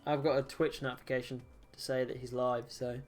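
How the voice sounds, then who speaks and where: A man chatting live with his viewers while he plays, in a loose, jokey way and breaking into laughter often. His voice sits at an ordinary mid pitch. Soft music plays faintly behind him. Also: flat delivery, fairly quick. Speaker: streamer. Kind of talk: casual live-stream chat while gaming.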